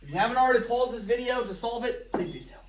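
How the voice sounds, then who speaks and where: A woman's voice: a little high, expressive, fast, a little hiss or hum. A woman teacher, playful, in a roomy space. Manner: playful, jokey asides to students. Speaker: math teacher. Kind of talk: recorded math test review lesson. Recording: roomy, from a distance of the mic.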